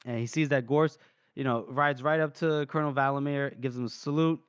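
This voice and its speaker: A man's voice: mid-range voice, fairly even intonation, brisk, smooth, dry recording. A young man co-hosting a podcast, animatedly retelling a book chapter in casual chat and briefly acting out the characters' lines. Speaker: podcast co-host.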